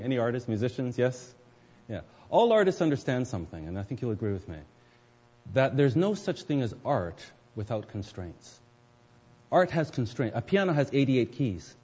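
A man's voice: medium pitch, warm tone, slightly rough. A male pastor preaching a sermon to his congregation, explaining scripture step by step and addressing the listeners directly. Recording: dull, lo-fi recording with long hall reverb.

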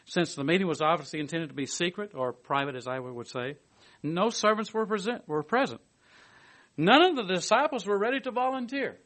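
Male preacher, slightly higher pitch, reads commentary with asides, swings loud to hushed. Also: a little fast. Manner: lively, swings from emphatic to hushed. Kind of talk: sermon.

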